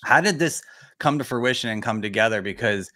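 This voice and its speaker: A man's voice: medium pitch, lively intonation, fairly quick, bright, forceful tone. A man hosting a casual interview, enthusiastic and often stumbling over his words as he asks questions. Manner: enthusiastic, stammering restarts. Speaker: podcast host.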